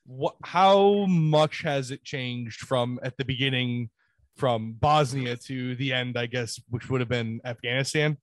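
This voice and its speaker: A man asking interview questions in a halting, hesitant way. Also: mid-range voice, dry recording. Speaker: podcast host.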